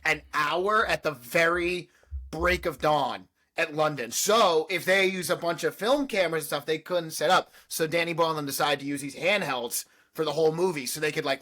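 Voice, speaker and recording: A man's voice: on the high side, pushed and bright. A man with a Boston accent co-hosting a casual movie podcast, eagerly nerding out on film trivia. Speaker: podcast co-host.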